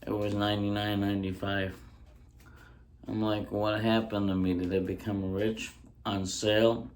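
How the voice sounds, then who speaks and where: A man doing a casual home-recorded ASMR stand-up bit, rambling through deadpan jokes with frequent ums, close on a handheld mic. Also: on the low side, moderate pace. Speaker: stand-up comedian. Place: indoors at home.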